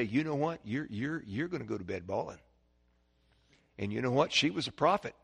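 A man's voice: mid-range voice, fairly bright tone. A middle-aged man preaching a sermon, emphatic, with frequent restarts and personal asides.

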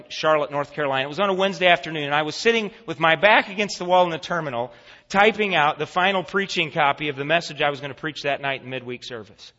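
A male pastor preaching a sermon, telling a vivid story and then making an earnest, hushed appeal. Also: a little high. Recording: echoey church hall, dull lo-fi sound.

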